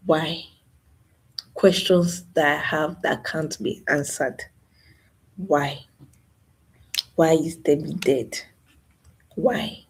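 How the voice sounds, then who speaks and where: This young woman's voice sits low, darkish and slightly rough as she hosts her channel's live stream. Mourning a loss, she sighs and circles back over the same words in an emotional talk.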